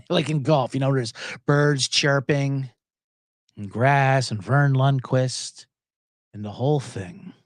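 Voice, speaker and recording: A man's voice: mid-range voice, slow, pauses often, no echo, clean studio sound. A man hosting a sports betting podcast in a casual, rambling chat that swears now and then. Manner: animated, rambling and profane, with many restarts.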